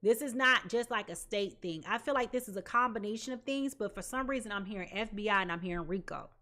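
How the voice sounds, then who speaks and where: Bright-voiced chatty woman tarot reader. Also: mid-range voice, quick pace. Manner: chatty and slangy, addresses viewers as y'all and child; animated, swings between loud and soft. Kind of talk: live tarot reading monologue.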